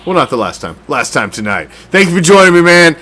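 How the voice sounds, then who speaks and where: A man's voice: on the high side, big pitch swings, quick pace, bright, forceful tone, slight background noise. Profane, ranting male sports fan host. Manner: profane, heated, sarcastic ranting; loose, stumbling restarts. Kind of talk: casual ranting commentary.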